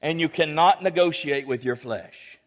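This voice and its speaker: A male pastor with a fairly high voice preaches at a moderate pace. He swings from loud exhortation to quiet asides and calls for amens from the congregation.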